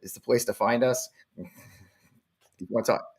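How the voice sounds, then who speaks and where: Male host in his forties, middle pitch; blunt, defiant, swears freely. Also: steady tone, slow, breathy edge. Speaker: show host. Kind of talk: live show monologue.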